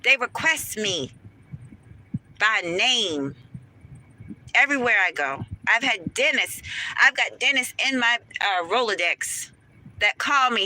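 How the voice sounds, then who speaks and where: A woman dental hygienist rants to her viewers in a casual vlog. She is emphatic and preachy and speaks straight to them. Clear car and road noise runs underneath her voice. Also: on the high side, animated, slow pace, pauses often, sharp tone, rough recording.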